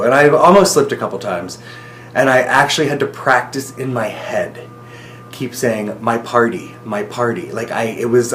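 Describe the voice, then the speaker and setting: A young man recording a casual video diary for his partner, talking in an excited, emotional, rambling way. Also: medium pitch, reverberant.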